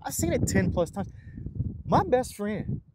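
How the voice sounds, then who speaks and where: Male podcast co-host, high voice, rambling delivery, noisy recording. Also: sing-song, a little slow. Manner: rambling, many restarts and repeated words. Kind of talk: casual chat. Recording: audible background noise.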